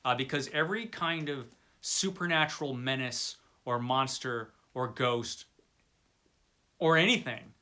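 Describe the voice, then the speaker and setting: A man's voice: medium pitch, a little slow, pushed and bright. A man talking casually about old pulp fiction, chatty and rambling, with many fillers and restarts and a wry, enthusiastic tone. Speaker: book reviewer. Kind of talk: casual video talk.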